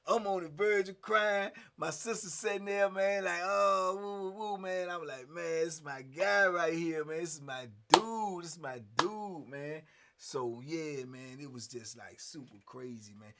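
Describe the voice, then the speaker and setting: A middle-aged man, telling prison stories in a casual, animated way and acting out what others said. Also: fairly high pitch, measured pace, a little hiss or hum. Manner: animated, acts out quotes, frequent "man". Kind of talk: casual storytelling.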